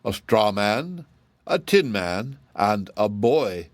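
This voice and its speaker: A man's voice: lowish voice, big pitch swings, no echo. A man putting on a scornful cruel giantess. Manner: slow, mocking and menacing.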